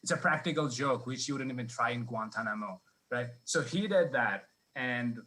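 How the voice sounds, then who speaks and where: Bright-voiced man telling a rambling stand-up story. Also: mid-range voice, normal speed, slight background noise, rough recording. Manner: rambling, self-deprecating, many restarts. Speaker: stand-up comic. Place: comedy club stage.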